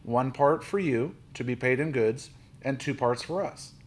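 A man voicing a blunt, bargaining Russian sea captain in a storybook, speaking slowly and brusquely. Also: medium pitch, close to an everyday voice.

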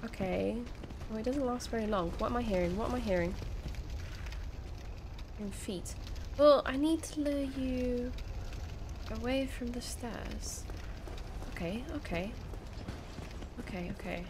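Young woman, unhurried and chatty, voicing her reactions and talking to the enemies she fights. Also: fairly high pitch, noisy background. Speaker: gaming video creator. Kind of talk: let's play commentary.

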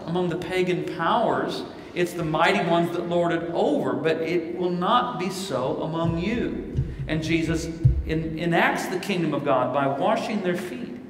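A man's voice: on the high side, slight background noise. A man who is a pastor from Missouri answering questions at a live conference, telling stories and quoting scripture. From Missouri, United States. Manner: storytelling, quotes scripture in lively voices. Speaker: pastor and keynote speaker. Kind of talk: live Q&A answer, preaching style. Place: large hall at a conference. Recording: echoey hall, picked up from a distance.

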